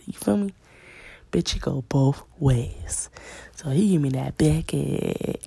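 A woman's voice: sits low, slow, creaky, long pauses, mellow, a little hiss or hum. A young woman casually telling a personal story, slangy and blunt, often dropping to a whisper. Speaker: storyteller vlogger.

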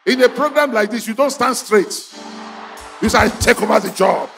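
High-voiced shouting preacher. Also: male voice, moderate pace, creaky, faint music behind. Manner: exhorting, repetitive, bursts into shouts. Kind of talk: fiery sermon with call-and-response.

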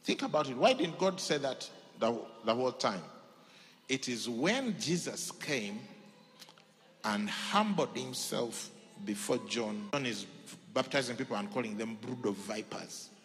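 Animated preacher man in a reverberant hall. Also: medium pitch, unhurried, soft background music. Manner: animated preaching, swings from loud shouts to near whispers. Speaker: pastor. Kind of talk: sermon.

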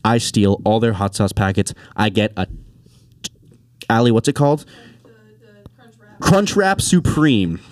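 Animated young man hosting a podcast. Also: on the low side, unhurried, long pauses, no echo. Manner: animated, swears freely, tells anecdotes. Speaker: podcast host. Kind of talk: casual chat.

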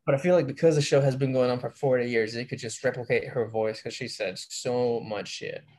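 A man in a relaxed podcast chat, his voice a bit husky. He rambles along in an easygoing, slangy way, trailing into casual asides. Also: mid-range voice, brisk. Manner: rambling, laid-back, slangy. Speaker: podcast co-host.

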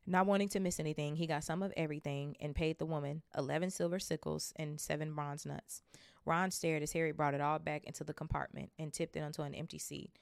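A woman's voice: sits low, steady tone, quick pace, creaky, no room sound, studio quality. A young woman reading a novel aloud for a book club podcast, breaking off for chatty asides and casual swearing.

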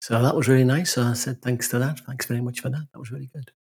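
A man's voice: medium pitch, steady tone, vocal fry, darkish tone, husky. A man with a northern English accent, telling stories in casual chat as podcast co-host. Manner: rambling storyteller, quick to laugh.

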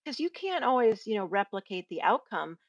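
Animated woman telling workplace stories. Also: medium pitch, brisk, no echo, dull audio. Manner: animated storyteller, acts out quoted voices, laughs often. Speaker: guest, workplace feedback trainer. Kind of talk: casual podcast conversation.

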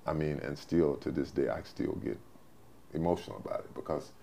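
A man's voice: very deep voice, fairly even intonation, fairly quick, creaky, mellow. A man in his sixties, a former football player telling folksy stories as an interview guest. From Texas, USA. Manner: folksy, repetitive storyteller. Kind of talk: storytelling interview.

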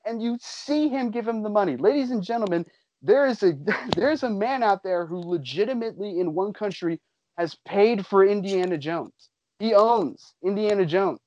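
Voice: mid-range voice, a little mellow. A podcast host giving a casual comedic recap of a show, incredulous and sarcastic, swearing freely. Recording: dull lo-fi recording.

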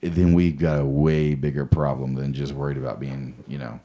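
A man's voice: extremely low pitch, little pitch movement, moderate pace, dark tone. A man co-hosting a podcast in casual chat, with laid-back banter full of "dude" and "bro". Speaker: podcast co-host.

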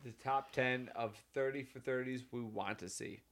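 A man's voice: medium pitch, steady tone, moderate pace, a crowd in the background. A man co-hosting a podcast, chatting casually in a laid-back, profane, rambling way. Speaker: podcast co-host. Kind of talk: casual chat.

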